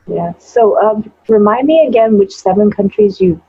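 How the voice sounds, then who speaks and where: A woman from Taiwan hosting an interview, chatty and expressive as she asks questions. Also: medium pitch, moderate pace, gravelly, breathy edge, dry recording. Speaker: host. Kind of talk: casual interview chat. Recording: dull, dry, lo-fi recording.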